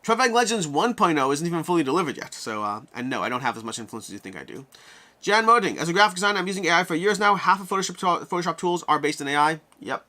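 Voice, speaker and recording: Male streamer-host, a touch high-pitched, rapid and animated, casual Q&A delivery. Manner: animated, talks things through out loud. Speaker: host answering viewer questions. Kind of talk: live-stream Q&A chat.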